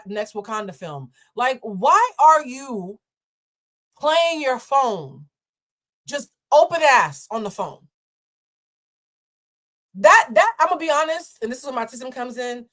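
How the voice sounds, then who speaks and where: A woman's voice: high-pitched, fairly bright tone. A woman from Boston hosting a live stream, reacting bluntly and profanely to a viral clip and laughing often. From Boston, USA.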